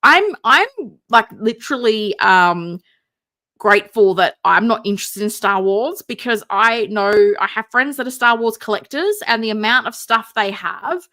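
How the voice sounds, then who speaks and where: Tired, wry Australian woman, bright voice. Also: a little high, expressive, normal speed. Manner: self-described mumbler, rambling and wry. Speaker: host of a figure collecting livestream. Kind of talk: casual livestream chat.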